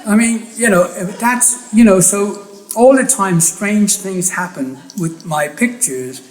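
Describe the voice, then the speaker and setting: A man's voice: high voice, a little mellow, rough recording. An Irish man in his seventies, a photographer giving a festival talk, telling rambling, enthusiastic anecdotes full of restarts and asides. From Ireland. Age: 70s. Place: lecture room at a festival.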